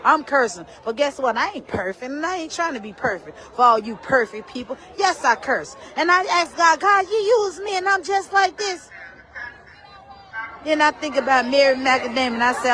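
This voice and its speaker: A woman, livestreaming from a city street at night, loud, preachy and rambling. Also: high voice, lively intonation, normal speed. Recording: noisy street with sirens and crowd. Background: crowd and sirens.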